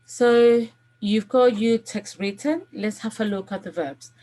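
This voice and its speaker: A woman's voice: fairly high pitch, unhurried, warm tone. A woman language teacher recording a video lesson, giving patient step-by-step instructions and often checking in with "okay?". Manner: gives step-by-step classroom instructions.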